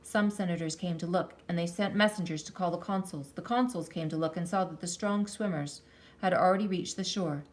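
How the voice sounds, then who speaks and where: A woman reads a children's story aloud in a lowish voice, lingering expressively over counts and sound words. Her storytelling is lively and deliberate.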